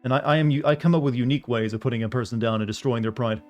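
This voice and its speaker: A man's voice: medium pitch, very fast, a little mellow, soft background music. A young man streaming a video game, chatting casually with viewers in a rambling way, full of filler words. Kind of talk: casual gameplay chat with viewers.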